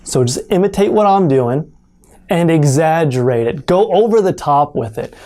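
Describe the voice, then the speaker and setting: A native English speaker teaching pronunciation in an online lesson, speaking deliberately and exaggerating sounds to demonstrate them. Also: mid-range voice, lively intonation, dark tone.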